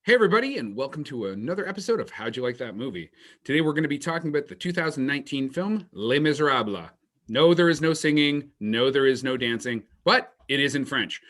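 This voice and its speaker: A man's voice: fairly high pitch, sharp tone. A man co-hosting a movie podcast in loose, casual talk, swearing freely and leaning on fillers as he recaps a film. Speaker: podcast co-host.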